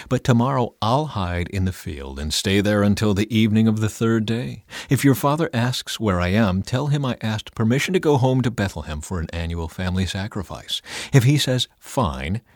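A man giving a measured, earnest reading of a Bible passage, speaking both the narration and the dialogue. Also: lowish voice, no room sound, studio quality. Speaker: scripture reader.

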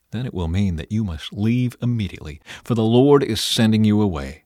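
A man giving a measured, earnest reading of a Bible passage, speaking both the narration and the dialogue. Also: lowish voice, animated, a little mellow, dry recording, clean studio sound. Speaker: scripture reader.

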